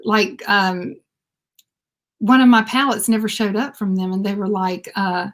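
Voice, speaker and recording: A woman's voice: medium pitch, a little slow. A woman, chatting casually on a livestream with lots of fillers and laughs. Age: 50s. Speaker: beauty vlogger.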